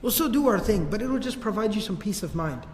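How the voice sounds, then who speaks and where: Man doing a calm leader, soft, reasoning, firm, echoey hall. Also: high-pitched, fast. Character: calm male community leader, patient and firm.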